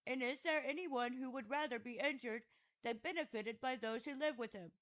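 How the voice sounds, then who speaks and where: A woman's voice: sits high, normal speed, a bit bright, low-quality recording. A woman narrating an audiobook voices an aging male philosopher who defends himself at trial with patient, ironic questions. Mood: ironic questioning. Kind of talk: audiobook reading of a classic dialogue.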